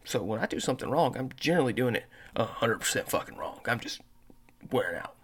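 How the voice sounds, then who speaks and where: A man's voice: medium pitch, big pitch swings, fast, slightly rough. Man, podcast host, loose rambling storyteller who curses freely. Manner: says he has a terrible accent and mispronounces words. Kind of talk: casual monologue.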